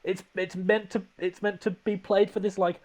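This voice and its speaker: A man's voice: high voice, level tone, moderate pace, darkish tone. A man hosting a podcast, recapping a film in casual comedic chat, rambling and laughing often.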